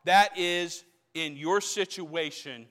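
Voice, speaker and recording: High-voiced preacher in a reverberant hall. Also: male voice, slow, a bit bright. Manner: preaching with rising intensity, repeating phrases for emphasis. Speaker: pastor. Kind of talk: sermon. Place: church sanctuary.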